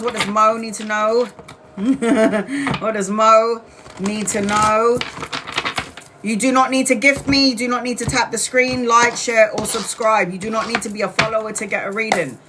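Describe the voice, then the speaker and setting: A woman's voice: medium pitch, background noise. A woman doing a casual live-stream tarot reading, blunt and chatty, with the odd swear word. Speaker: tarot reader.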